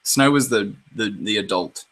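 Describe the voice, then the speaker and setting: A man co-hosting a casual gaming podcast, sarcastic and quick to swear, laughing often as he chats. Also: on the low side, fairly bright tone, rough recording. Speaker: podcast co-host. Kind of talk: casual chat.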